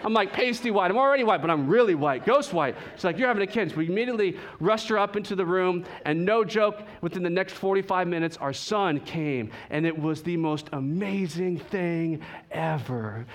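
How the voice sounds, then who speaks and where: A young man preaching a sermon, telling a lively personal story and acting out the dialogue with laughs. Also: high-pitched, moderate pace. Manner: animated storyteller, acts out dialogue, laughs at himself. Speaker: pastor.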